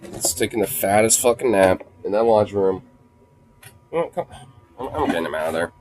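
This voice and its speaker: A man with a low-pitched voice, chatting casually on a game stream. He swears freely and laughs often, and drops into a soft, cooing baby talk whenever he speaks to his dog. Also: animated, a little fast, soft background music. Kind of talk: casual gaming stream chat.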